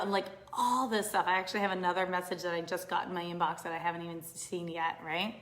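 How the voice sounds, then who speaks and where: Woman business coach on a live stream, animated, swings from whispers to loud exclamations, roomy echo. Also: medium pitch. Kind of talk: casual live stream talk to viewers.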